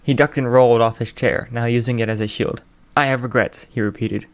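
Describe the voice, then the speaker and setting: A man narrating a fan fiction chapter in a soft, even storytelling voice. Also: medium pitch, a little fast, smooth. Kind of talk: audiobook narration.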